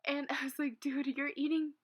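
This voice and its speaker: A young woman chatting casually to her viewers and telling stories, giggly and full of "like" and "um", often sinking to a soft murmur. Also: high voice, level tone, moderate pace. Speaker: Sims content creator. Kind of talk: casual storytime chat.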